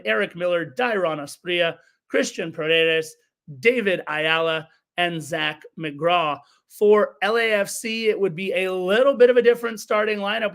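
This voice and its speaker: A fairly high-pitched man hosting a soccer podcast, talking through a match recap with eager energy. He breaks off to correct himself and answer live chat. His delivery is casual and animated. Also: vocal fry. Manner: enthusiastic, self-correcting, chatty asides to chat and co-hosts. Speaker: podcast host.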